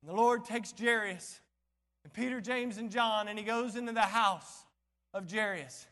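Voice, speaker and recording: Impassioned high-voiced male preacher. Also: normal speed. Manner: impassioned, swinging between shouting and near-whispering. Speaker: pastor. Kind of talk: sermon. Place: church sanctuary. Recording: long church hall reverb.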